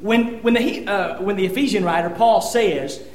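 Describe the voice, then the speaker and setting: A man's voice: sits high, moderate pace. A man preaching a sermon, earnest and conversational, often restarting his sentences as he reads scripture. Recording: echoey room.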